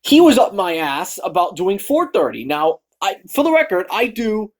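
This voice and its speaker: A young man from Massachusetts vents in a loose, rambling story, full of fillers and false starts. His voice sits a little high for a man, and he breaks into lively acted-out quotes. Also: normal speed, a little hiss or hum. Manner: rambling, many fillers and restarts; animated, acts out quoted lines. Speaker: vlogger. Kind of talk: casual storytelling rant.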